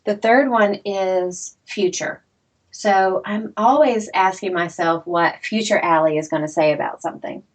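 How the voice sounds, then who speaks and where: A middle-aged woman, an interview guest and author, telling her story in a lively, self-deprecating way and laughing often. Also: mid-range voice, measured pace.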